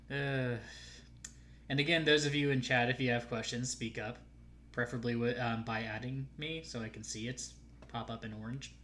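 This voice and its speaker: Snarky male co-host, bright tone, laughs a lot, reads chat aloud. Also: medium pitch, fairly even intonation, moderate pace, pauses often, a little hiss or hum. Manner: sarcastic, laughs often, reads comments aloud.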